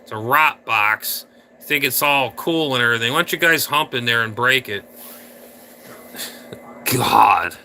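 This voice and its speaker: A man's voice: mid-range voice, a little slow, long pauses, pushed and bright, slight background noise. A man hosting a casual livestream, rambling and ranting crudely at viewers in chat. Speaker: livestream host.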